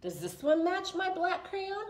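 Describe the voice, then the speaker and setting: High, lively, slow sing-song woman. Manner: slow, sing-song and animated, talking to small children. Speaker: children's librarian. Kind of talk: toddler story time with songs and finger plays.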